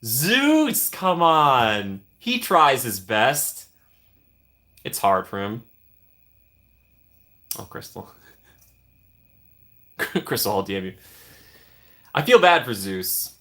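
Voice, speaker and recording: A man's voice: medium pitch, very animated, slow pace, long pauses, fairly bright tone. A young man casually chatting on a live stream, reading and answering viewer comments with playful teasing.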